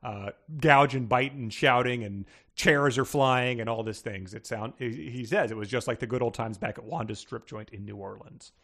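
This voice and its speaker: A man's voice: mid-range voice, normal speed, few pauses, a bit bright. A man co-hosting a casual book podcast, rambling through plot summaries with frequent restarts and laughter. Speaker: podcast co-host.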